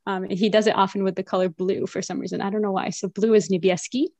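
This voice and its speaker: Chatty woman with a creaky voice. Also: medium pitch, quick pace, dry recording. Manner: chatty, animated, many fillers and laughs. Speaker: podcast guest, French teacher and mother. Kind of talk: casual conversational interview.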